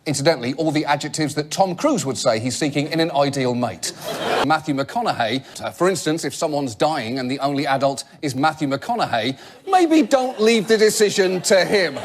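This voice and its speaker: A man's voice: on the high side, expressive, normal speed, noisy background. A man hosting a comedy show, delivering a sarcastic, mock-outraged monologue to a live audience. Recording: loud studio audience laughter. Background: studio audience laughing.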